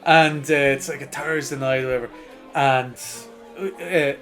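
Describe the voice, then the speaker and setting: Irish guy with a dublin accent ranting through a pub story, bright forceful voice, bit of music behind. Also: mid-range voice, moderate pace. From Ireland. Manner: sweary, animated anecdote teller. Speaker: podcast co-host. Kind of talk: casual chat, storytelling.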